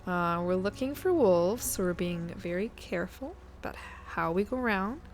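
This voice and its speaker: A woman's voice: medium pitch, animated, moderate pace, soft background music. A woman, chatting casually to her viewers while playing a game on a live stream and thinking aloud. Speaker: guest streamer.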